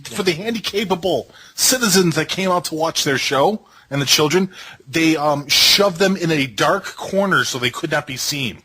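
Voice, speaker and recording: A man co-hosting a casual wrestling review, ranting in a sarcastic, animated way. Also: fairly high pitch, moderate pace, slightly rough. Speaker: podcast co-host.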